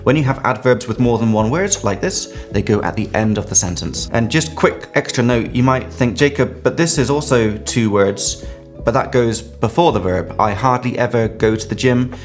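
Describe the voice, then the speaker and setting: A man with an English accent teaches grammar in an upbeat, lively way, leaning hard on key words and drawing them out as he explains. His voice sits in a plain middle register. Faint guitar music plays softly behind him. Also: mid-range voice, moderate pace. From England.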